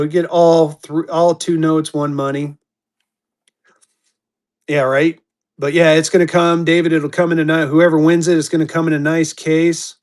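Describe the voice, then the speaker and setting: A man selling banknotes in a live-stream auction, with hyped, repetitive auctioneer patter. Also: fairly high pitch.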